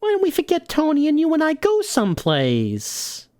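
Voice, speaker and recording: A man voicing a young gangster's girlfriend who is timid and coaxing, in a slow, pleading, high voice. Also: wildly swooping pitch, darkish tone, no room sound, heavily acted. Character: mobster's moll, young woman, timid and coaxing.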